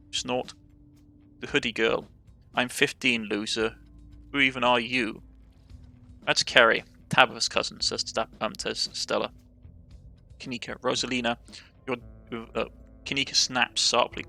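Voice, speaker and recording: Gravelly Cornish man reading a game aloud. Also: mid-range voice, level tone, normal speed, pushed and bright, faint music behind. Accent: Cornish English. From Cornwall, England. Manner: reads dialogue and narration aloud, stumbles and corrects himself. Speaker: let's play gamer. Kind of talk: reading game text aloud with light character voices.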